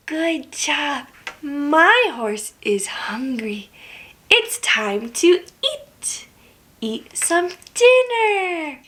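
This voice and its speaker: A young woman talks to toddlers in a high, bouncy voice, stretching her words out very slowly. She gasps with delight and then drops to a hushed whisper. Her sing-song teaching sounds full of wonder and praise. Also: sing-song. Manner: exaggerated gasps and cheerful praise.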